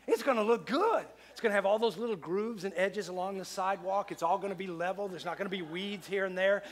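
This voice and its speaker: A middle-aged male pastor preaching a sermon in a conversational way, often repeating phrases for emphasis. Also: high-pitched.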